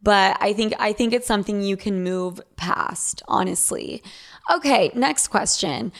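A woman's voice: mid-range voice, a little slow, creaky. Blunt, profane Valley girl woman. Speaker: advice podcast host. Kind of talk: casual advice chat, reading listener letters.

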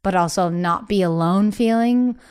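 A woman's voice: medium pitch, normal speed, clean tone. Woman in her 30s chatting openly on a podcast, acts out what her family said. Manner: candid, quotes family members in lively voices. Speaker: podcast guest. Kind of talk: casual interview chat.

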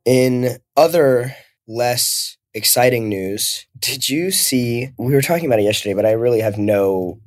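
A man's voice: medium pitch, unhurried. Young male co-host, casual, rambling delivery. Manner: chatty, trails off and restarts, reads out news. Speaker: podcast co-host. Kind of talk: casual chat.

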